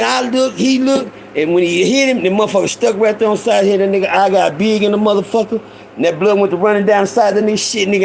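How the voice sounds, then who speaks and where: Gravelly high-voiced man telling stories. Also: slight background noise, poor audio. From Houston, Texas. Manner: animated, profane street slang, addresses listeners as y'all. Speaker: storyteller host. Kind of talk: casual storytelling monologue.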